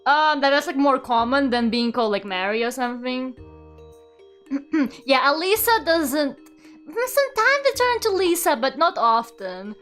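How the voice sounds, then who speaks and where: A young woman from Russia with a bright, high voice reads a book aloud on stream, breaking off to react to her chat. She sounds incredulous, swears casually and laughs a lot, with soft music playing faintly underneath. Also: very animated, unhurried. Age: young adult. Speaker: VTuber streamer. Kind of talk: reading aloud and chatting with viewers.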